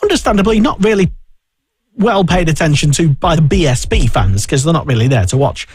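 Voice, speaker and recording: A man's voice: a little high, big pitch swings, a little fast, darkish tone, breathy edge, dry recording. A man hosting a casual motorsport radio chat, talking in a rambling way with many fillers and restarts. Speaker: radio show host.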